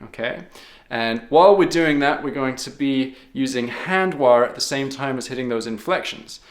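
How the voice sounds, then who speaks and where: A man's voice: medium pitch, moderate pace, echoey room. A man teaching harmonica in a patient, step-by-step way, counting beats aloud. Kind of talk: step-by-step music lesson.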